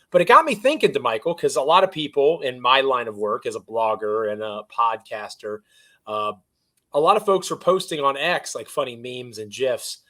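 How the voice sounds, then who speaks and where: A man's voice: medium pitch, fairly bright tone. A man co-hosting a sports podcast, chatty and self-deprecating as he runs through the show's intro and the news. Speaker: podcast co-host.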